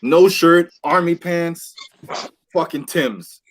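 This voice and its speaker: A man telling a wild story on a casual podcast with friends, animated and swearing, acting out what people said. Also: on the high side, slow. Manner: animated, swears a lot, acts out quotes. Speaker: podcast host. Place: indoor podcast room with friends.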